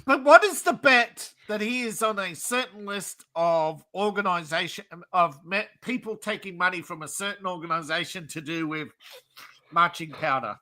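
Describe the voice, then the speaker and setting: A man with a high, very bright, sharp voice chatting on a livestream. He talks in an opinionated way and punctuates his points with chuckles. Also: normal speed. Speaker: podcast co-host. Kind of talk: casual livestream chat.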